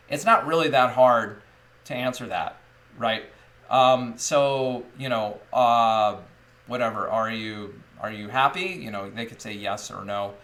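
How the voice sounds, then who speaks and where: A man's voice: mid-range voice, a bit bright. A man in his thirties, an English teacher talking casually about classroom methods, rambling and joking, with many fillers and restarts. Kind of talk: casual teaching talk to camera.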